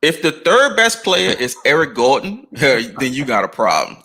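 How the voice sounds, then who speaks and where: A man's voice: mid-range voice, very animated, normal speed, bright, forceful tone. An American man chatting casually on a podcast, telling stories in a laid-back, slangy way. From United States. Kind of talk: casual chat.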